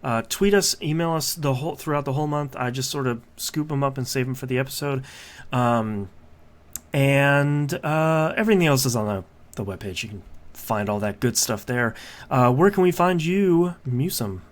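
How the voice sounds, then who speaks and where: A man hosting a video game podcast in casual chat, relaxed and chatty, with lots of "uh" fillers as he talks. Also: mid-range voice, normal speed. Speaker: podcast host.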